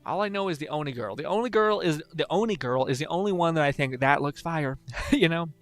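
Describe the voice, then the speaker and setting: A man's voice: on the high side, lively intonation, brisk, faint music behind. A young man streaming, rambling and swearing casually while reading chat, laughing often.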